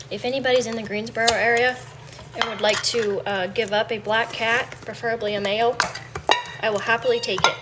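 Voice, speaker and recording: A woman's voice: fairly high pitch, fairly even intonation, a little fast, heavy background noise. A woman chatting casually on a livestream from her home kitchen, talking to viewers. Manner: chatty, coos baby talk to her cat. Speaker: livestream host.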